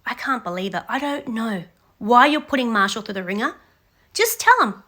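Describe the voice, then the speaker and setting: Young female commentator, high and bright, blunt scolding rant. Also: very animated, normal speed. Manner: blunt, scolding, addresses the contestant directly. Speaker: reaction commentator. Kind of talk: ranting reality show commentary.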